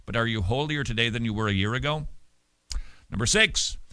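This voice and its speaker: A man hosting a radio show, preaching with emphatic stresses and sudden loud words. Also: medium pitch, fairly quick, clean tone, dry recording. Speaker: radio host.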